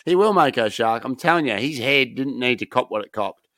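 A man's voice: medium pitch, lively intonation, fairly quick, a bit bright, no echo, clean studio sound. A man co-hosting a podcast, bantering crudely and rambling, breaking into mocking impressions. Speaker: podcast co-host. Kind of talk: casual banter about boxing.

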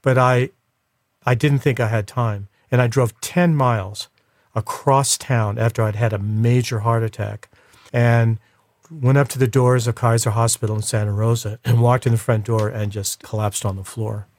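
Male podcast guest, mid pitch, emotional storyteller, dry close sound. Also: fairly even intonation, moderate pace, darkish tone, no room sound. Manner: emotional, reflective. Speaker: interview guest. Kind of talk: personal storytelling.

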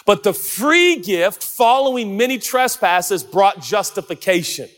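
Brief: male pastor, slightly high voice, excitable and playful, jokey sermon delivery with sudden loud bursts. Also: unhurried. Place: large church auditorium.

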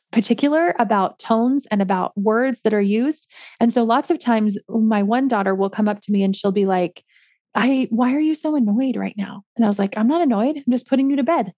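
A woman's voice: medium pitch, a little mellow, no room sound, clean studio sound. A woman hosting a solo parenting podcast, chatting casually with many ums and likes. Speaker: podcast host, parenting coach.

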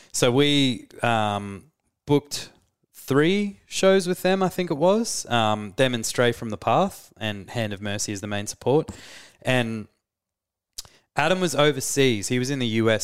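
An Australian man with a smooth, resonant voice, co-hosting a podcast. He tells a tour story in a relaxed, chatty way, laughing easily as he goes. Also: mid-range voice. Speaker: touring musician, podcast co-host. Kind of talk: casual storytelling chat.

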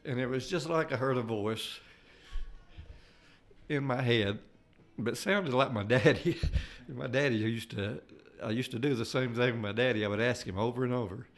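An older man giving an earnest personal testimony, halting and restarting as he talks. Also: medium pitch. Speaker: layman giving a faith testimony.

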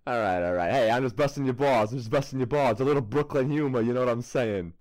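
A man's voice: mid-range voice, fast talker, darkish tone, close to an everyday voice. A man voicing a brash, swaggering male investigator with a put-on New York accent who swears a lot.

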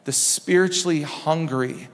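A man preaching a sermon in a church, impassioned, repeating phrases and dropping low and soft for emphasis. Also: measured pace. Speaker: pastor. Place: church sanctuary. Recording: long reverb of a church hall.

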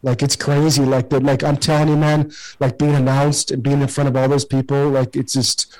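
A former baseball player in his forties tells locker-room stories in a casual ramble, heavy on fillers and free with swearing. His medium-pitched, darkish voice is fairly flat and moves at normal speed, and the recording is rough.

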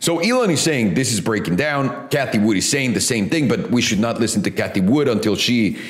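A man's voice: mid-range voice, lively intonation, brisk. A man hosting a casual finance commentary, blunt and profane in how he talks. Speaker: host. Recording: echoey room.

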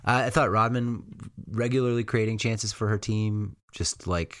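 A man co-hosting a podcast, talking casually about players with relaxed hedging fillers. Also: lowish voice, normal speed, no echo, clean studio sound. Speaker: podcast co-host. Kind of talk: casual sports chat.

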